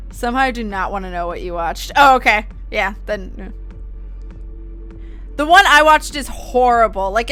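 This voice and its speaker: A woman's voice: a little high, pushed and bright. A young woman streaming live, chatting casually with her viewers, laughing often, and reading out horror files. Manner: giggly, chatty, reacting to chat.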